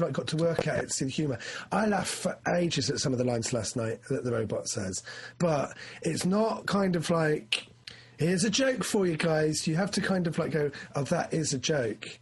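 Man, husky and a touch high-pitched; loose, rambling film chat with bursts of excitement. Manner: rambling, animated, acts out his excitement. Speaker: film discussion co-host. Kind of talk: casual chat.

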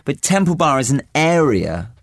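A man's voice: mid-range voice, normal speed, no echo, studio quality. A young man co-hosting a podcast, telling a rambling story in casual chat. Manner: rambling storyteller, lively and animated. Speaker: podcast co-host.

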